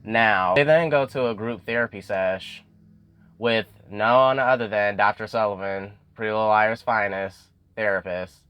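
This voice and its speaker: A man's voice: lowish voice, moderate pace, smooth, dull audio. A young man giving a casual recap of a TV episode. He talks in a chatty way, full of "you know" fillers, and acts out bits of the dialogue. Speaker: YouTube show recapper.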